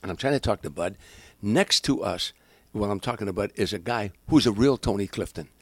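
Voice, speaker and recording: A man's voice: fairly low pitch, fairly quick, no echo. An older man, a comedian, telling show-business stories in casual conversation and acting out the people in them. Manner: animated, acts out voices, frequent restarts. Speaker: guest comedian. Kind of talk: casual anecdotal storytelling.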